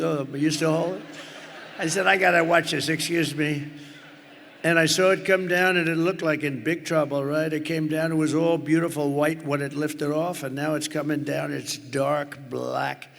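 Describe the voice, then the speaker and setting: A political candidate delivers a rambling, boastful rally speech in a big indoor arena, tossing off-the-cuff asides to the crowd. His voice is a little high and fairly bright, with vocal fry. The recording has long arena reverb and crowd noise, with cheering in the background.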